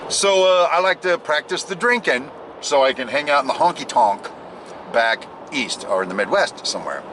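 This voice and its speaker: This driving vlog features a man rambling casually at the camera, joking and self-deprecating as he goes. His voice is fairly high and fairly bright, animated but at a normal pace, and there's a little hiss or hum.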